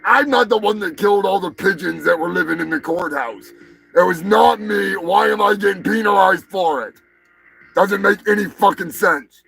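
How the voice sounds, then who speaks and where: A man hosting a live show, ranting crudely and swearing constantly, with bursts of shouting. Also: high voice, moderate pace, gravelly, faint music behind. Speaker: show host. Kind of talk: profane live-stream rant.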